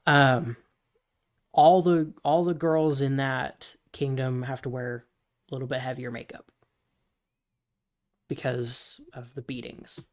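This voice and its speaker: A podcast co-host talking casually, rambling and restarting while pitching story ideas. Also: steady tone, slow pace, long pauses. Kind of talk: casual brainstorming chat.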